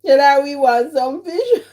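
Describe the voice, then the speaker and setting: A woman's voice: on the high side, a little mellow. A Jamaican-British woman hosting a casual live stream, teasing her chat and laughing often while she eats. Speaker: livestream host.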